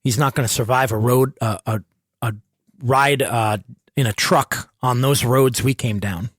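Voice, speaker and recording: A man playing a tabletop game, reasoning hesitantly with restarts and a somewhat husky voice. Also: medium pitch, a little slow, no room sound, studio quality. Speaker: player.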